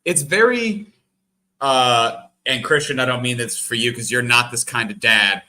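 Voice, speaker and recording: A man co-hosting a podcast, telling anecdotes in an animated, joking way. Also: medium pitch, unhurried. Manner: animated storytelling with mock voices. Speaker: podcast co-host. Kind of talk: casual chat.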